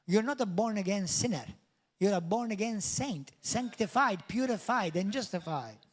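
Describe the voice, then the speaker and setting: High-voiced preacher, emphatic. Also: male voice, lively intonation, moderate pace. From Malta. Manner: emphatic, declamatory preaching with rising exclamations. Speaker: pastor. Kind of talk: sermon.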